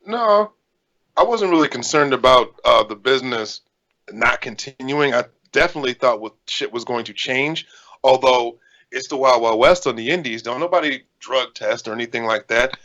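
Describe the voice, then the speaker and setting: A man's voice: mid-range voice, lively intonation, moderate pace, bright, forceful tone, muffled recording. A man in his thirties, co-hosting a podcast and talking in a candid, rambling way. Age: 30s. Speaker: podcast co-host, indie wrestler. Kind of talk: casual podcast chat.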